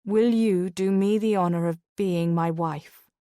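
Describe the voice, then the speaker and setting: A woman's voice: lowish voice, measured pace, dark tone, no room sound, studio quality, lightly acted. A woman voicing a devoted reformed rogue nobleman. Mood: tender. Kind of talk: romance audiobook reading.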